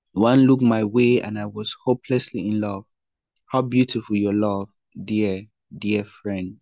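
A man reading the part of an adoring young male lover in a slow, tender scripture reading. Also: lowish voice, darkish tone, no room sound.

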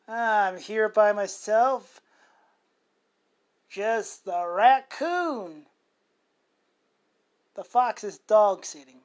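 A woman's voice: medium pitch, very slow, pauses often. Rambling, foul-mouthed woman podcaster. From Montana, USA. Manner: rambling, crude joking, swears freely. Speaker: podcast co-host. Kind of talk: casual podcast chat.

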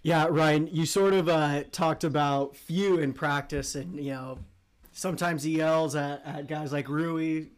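Brief: male interviewer, slightly higher pitch, hedges his questions. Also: steady tone, a little slow.

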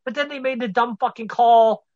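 A man's voice: very high-pitched, fairly even intonation, moderate pace, no echo, dull audio. A man co-hosting a casual podcast about wrestling news, blunt and opinionated, swearing freely.

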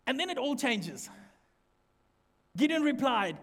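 High-voiced pastor preaching. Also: male voice, moderate pace, long pauses. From South Africa. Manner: lively, joking, with lots of direct questions to the congregation. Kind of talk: sermon. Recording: echoey church hall reverb.

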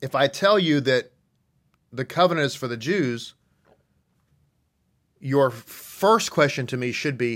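A man delivers a sermon-style teaching in an even middle register. He reads passages slowly, then presses his points hard, repeating words for emphasis and throwing rhetorical questions at his listeners. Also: medium pitch. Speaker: rabbi teaching a congregation.

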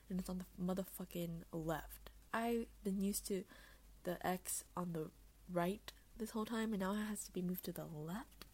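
Young woman, solo podcast host, casual and self-mocking, swears a lot, loud one moment and hushed the next. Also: lowish voice, fairly even intonation, normal speed. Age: young adult.

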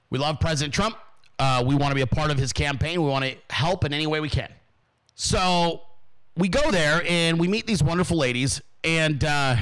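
A man hosting his own show, telling a story in a casual, profane, animated monologue. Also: on the high side. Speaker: podcast host.

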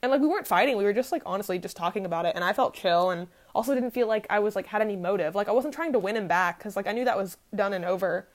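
Young adult woman, podcaster, mid-pitched, chatty confessional storyteller, profane and rambling. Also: racing, hardly any pauses. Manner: candid, profane, rambling with many fillers. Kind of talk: casual storytelling.

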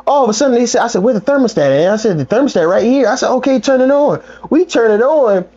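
A man's voice: very high-pitched, lively intonation, quick pace, warm tone. A young man casually telling a funny story, acting out the quotes and laughing often. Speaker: podcast co-host. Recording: dull lo-fi sound.

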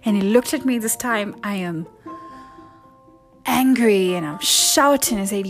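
A woman telling viewers a personal story, swinging between loud outbursts and hushed asides, with frequent ums. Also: medium pitch, a little slow, faint music behind. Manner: emotional, rising to loud and falling to hushed asides.

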